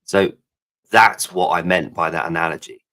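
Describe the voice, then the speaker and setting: A man's voice: low-pitched, steady tone, moderate pace, pushed and bright. A man co-hosting a live podcast, rambling, jokey and swearing freely in casual chat. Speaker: podcast co-host.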